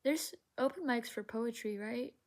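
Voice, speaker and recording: A young woman reads tarot cards in a slow, dreamy, musing way, often pausing on fillers. Her voice sits a little high and has a gravelly vocal fry. The pace is very unhurried. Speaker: tarot reader. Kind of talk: casual tarot reading.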